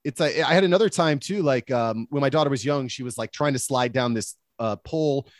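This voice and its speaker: A man's voice: mid-range voice, brisk, no room sound, studio quality. A man in his late thirties telling stories in a casual chat, in an easygoing way with many fillers. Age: late 30s. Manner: easygoing storyteller, lots of fillers. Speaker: podcast guest.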